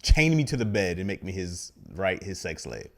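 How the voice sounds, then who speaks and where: A man's voice: deep voice, sing-song, moderate pace. A man co-hosting a casual podcast chat, talking things through with his co-host and reading listener comments aloud.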